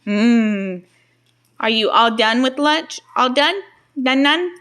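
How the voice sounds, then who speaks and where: Slow, sing-song mother doing baby talk. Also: a little high, lively intonation, fairly bright tone, clean tone. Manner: sing-song, coaxing, praising questions to small children. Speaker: mother filming her children. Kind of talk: home video baby talk.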